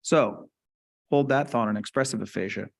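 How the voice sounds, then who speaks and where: A man's voice: on the low side, moderate pace, gravelly. A man giving a conversational clinical lecture at a conference, often checking in with the audience. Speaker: conference lecturer on stroke speech therapy.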